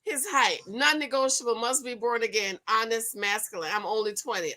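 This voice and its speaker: A middle-aged woman chats through a casual livestream, reading comments aloud and talking straight to her viewers. Her voice is bright and forceful, a touch higher than most. She is animated and laughs often. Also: normal speed, few pauses.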